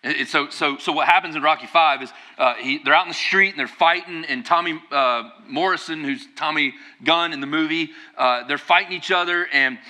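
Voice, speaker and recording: A male pastor delivers a sermon in a relaxed, conversational way. His tone is very bright and ringing, and he lifts into emphatic, driving bursts to make a point. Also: a little high, a little fast, hardly any pauses.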